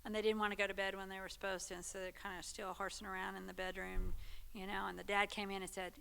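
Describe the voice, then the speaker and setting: Bright, clear-voiced woman teaching. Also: medium pitch, little pitch movement, fast. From Texas. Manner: conversational, checks in with listeners. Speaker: Sunday school teacher. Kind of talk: church teaching talk.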